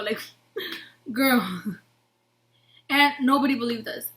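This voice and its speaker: Casting: young woman, high-pitched, casual storytime vlogger, animated and filler-heavy. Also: unhurried, long pauses, slight background noise. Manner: animated, acts out quotes with many "like" fillers.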